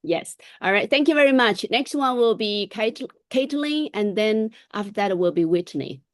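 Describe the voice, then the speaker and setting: A woman's voice: mid-range voice, moderate pace, no echo. A woman instructor leading class introductions on a video call, chatty and encouraging. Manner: encouraging, chatty, small laughs.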